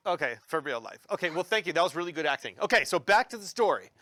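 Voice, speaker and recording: A man telling a Bible story to children in a playful, animated way, sometimes stumbling over his words. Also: on the high side, fast talker, no room sound. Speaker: uncle storyteller for kids.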